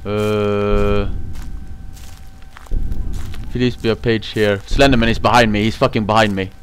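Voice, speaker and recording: A man's voice: lowish voice, steady tone, a little slow, a little hiss or hum. A man playing a horror game for his channel, talking in simple non-native English and swearing and yelping whenever he gets scared. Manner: panicky, screams and swears when scared. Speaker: gaming YouTuber. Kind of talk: horror game let's play. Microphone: cheap mic, face cam.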